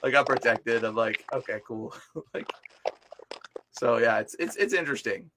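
A young man chatting casually on a podcast as a deliverance minister, telling animated stories full of filler words. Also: medium pitch, moderate pace. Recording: noisy live recording with clicks.

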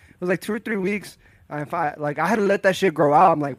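A man's voice: high voice, fast talker, no echo. A young man co-hosting a podcast, telling a story in blunt, profane casual chat. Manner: blunt and profane, plain delivery. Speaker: podcast co-host.

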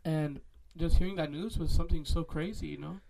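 Male podcast co-host, raised pitch, gravelly fry, excitable and chatty. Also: a little fast, a little hiss or hum. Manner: excitable, peppered with "dude". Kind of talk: casual chat.

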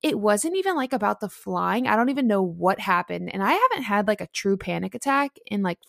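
A woman's voice: medium pitch, a little fast, gravelly, no room sound, studio quality. A young adult woman co-hosting a podcast, telling a story in casual chat with lots of fillers. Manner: chatty, animated storytelling with many fillers. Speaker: podcast co-host.

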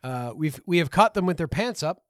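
A man from Canada co-hosts a film podcast and retells scenes with hesitant fillers. His voice sits a little high. The recording is dry and close. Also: lively intonation, brisk, no room sound. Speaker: podcast co-host. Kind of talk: casual film review chat.

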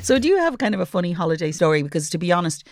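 A woman's voice: on the low side, very animated, very fast, over loud music. A woman co-hosting a casual chat, dropping wry, teasing quips.

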